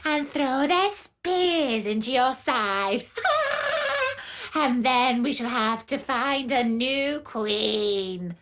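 A sneering male hyena, put on by a woman reading a storybook, taunts with a high, cackling voice. The tone is cruel and gleeful. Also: lively intonation, takes it slowly, few pauses, a bit bright. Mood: taunting.

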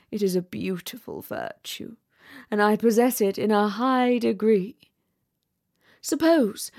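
A pompous, conceited rocket firework, as a woman reads him aloud. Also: medium pitch. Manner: haughty, self-important, dramatic. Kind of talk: storybook reading.

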